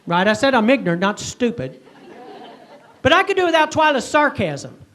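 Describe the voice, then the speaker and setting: A man's voice: very high voice, sing-song, moderate pace, fairly bright tone, a faint crowd. A middle-aged man doing stand-up, telling a self-mocking story in a punchy way and often asking "right?". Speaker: comedian and speaker.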